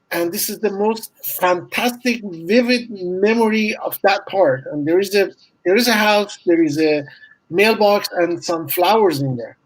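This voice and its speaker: A man's voice: sits high, poor audio. A man telling a story in casual chat, rambling and restarting mid-sentence.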